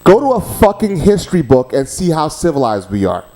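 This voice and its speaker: A man's voice: fairly high pitch, sing-song, fairly quick, mellow. A man co-hosting a talk radio show, reading the call-in number and cutting in bluntly. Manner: blunt, dry interjections.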